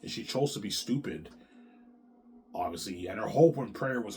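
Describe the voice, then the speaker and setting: A man's voice: on the low side, lively intonation, moderate pace, long pauses, crowd noise. A man talking straight to his viewers in a long, rambling, profane monologue, repeating himself and restarting his sentences. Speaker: vlogger.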